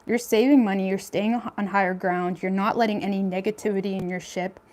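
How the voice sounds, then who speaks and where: A woman's voice: medium pitch, steady tone, brisk, darkish tone. A young woman giving a casual tarot reading, talking in a chatty, blunt way with lots of fillers and some swearing. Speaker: tarot reader.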